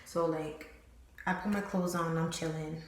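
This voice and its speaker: A woman's voice: low voice, measured pace. Slangy young woman in a very echoey room. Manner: slangy, profane, animated retelling with lots of "like". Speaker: storytime vlogger. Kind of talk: casual storytime chat. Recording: very echoey room, faint noise.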